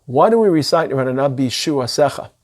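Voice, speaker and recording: Middle-aged rabbi, earnest and emphatic, mid-pitched man's voice. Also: expressive, moderate pace, a little mellow. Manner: earnest, emphatic delivery sprinkled with Hebrew and Yiddish terms. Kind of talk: sermon.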